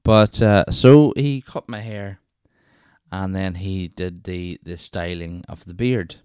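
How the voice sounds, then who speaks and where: Deep-voiced Northern Irish man rambling. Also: takes it slowly, a little mellow, clean tone, no echo, clean studio sound. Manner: rambling, chatty, self-interrupting with wee asides. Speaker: podcast host. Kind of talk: casual solo storytelling.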